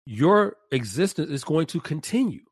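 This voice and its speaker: A man leading a reflective podcast discussion, speaking deliberately and restating his points in several ways. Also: a little high, sing-song, breathy edge, dry recording.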